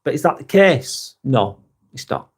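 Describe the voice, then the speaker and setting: A man's voice: mid-range voice, sing-song, unhurried, slightly rough. A man with a Lancashire accent hosting a casual live stream, talking bluntly and candidly, swearing now and then and reading out viewer comments. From northwest England.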